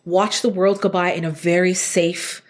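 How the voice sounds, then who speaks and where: A woman guest talking about dog training in casual chat, explaining patiently with animated asides and laughs. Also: fairly low pitch, normal speed.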